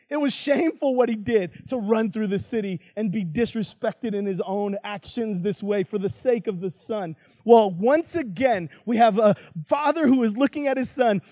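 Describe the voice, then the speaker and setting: A man's voice: high voice, darkish tone, no room sound. A man giving a sermon as a guest preacher, telling a story in a conversational way with casual asides.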